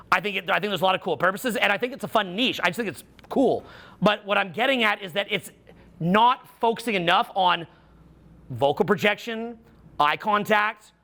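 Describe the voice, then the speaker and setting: A man's voice: sits high, pushed and bright. A man coaching a live seminar audience, playful and teasing as he banters with volunteers on stage. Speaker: social skills coach.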